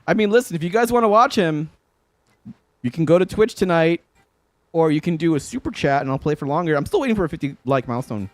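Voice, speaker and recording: In a slightly high, expressive voice, a young guitarist talks fast to his livestream viewers from a room at home, with no echo. He's relaxed, swears often, and laughs a lot.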